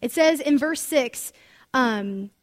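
A woman teaching from the Bible in an animated, conversational sermon full of asides. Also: sits high, slow pace. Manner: animated, chatty storytelling with asides.

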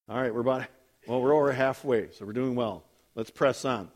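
A man leading a Bible study, reading scripture aloud and breaking in with casual asides, often ending with "right?" and acting out quoted lines in sudden higher voices. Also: steady tone, a little fast.

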